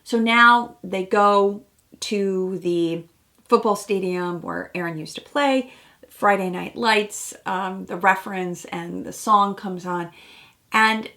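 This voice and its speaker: Female therapist-commentator, mid-range pitch, some vocal fry, chatty and reflective. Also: bright, forceful tone. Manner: chatty and reflective, acts out quotes from the show. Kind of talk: casual commentary on a TV episode.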